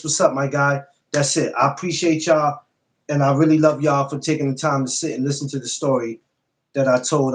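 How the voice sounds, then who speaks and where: A man hosting a casual podcast livestream, talking bluntly and profanely and repeating himself a lot. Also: a little high. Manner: repetitive, blunt, profane, animated. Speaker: podcast host.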